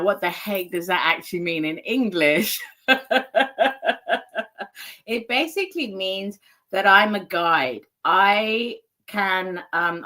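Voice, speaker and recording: A woman's voice: mid-range voice, bright, forceful tone. A woman guest on a podcast, speaking in an effusive, emotional way and laughing often. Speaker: guest, energy healing practitioner. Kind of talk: casual interview chat.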